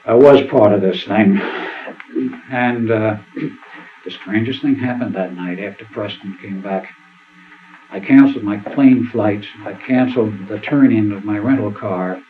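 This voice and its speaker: An older man with a fairly low voice tells rambling stories at a seminar and acts out what others said. The sound is thin and phone-like, with a faint hiss underneath. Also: a little slow. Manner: rambling anecdotal storytelling, acts out quotes. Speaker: seminar speaker. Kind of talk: storytelling talk at a seminar.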